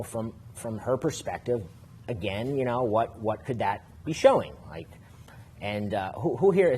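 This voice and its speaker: A man's voice: on the low side, breathy edge. A man who works as a dating coach, explaining casually on a podcast with many fillers and restarts.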